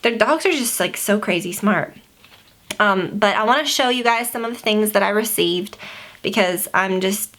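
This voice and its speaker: A woman's voice: medium pitch, a bit bright. A young woman chatting casually to camera as a beauty vlogger, filling her talk with "like" and "you know.". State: pregnant.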